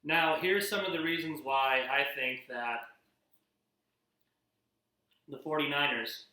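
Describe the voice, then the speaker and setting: A man's voice: fairly high pitch, takes it slowly, sharp tone, distant mic. A young man hosting a casual cooking show, talking football while he bakes, rambling with lots of fillers and restarts. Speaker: host. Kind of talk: casual cooking vlog with sports talk. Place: home kitchen. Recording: echoey room, a bit off-mic.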